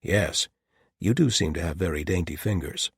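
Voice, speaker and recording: A man voicing a large, dry-humored male paladin captain, with deadpan wit. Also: sits low, moderate pace, gravelly, husky, no echo, exaggerated voice.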